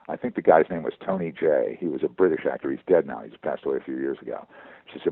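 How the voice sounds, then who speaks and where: A veteran voice actor talking in a phone interview, halting and repeating words as he goes. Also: a bass voice, vocal fry, breathy edge, no echo. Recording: tinny phone line.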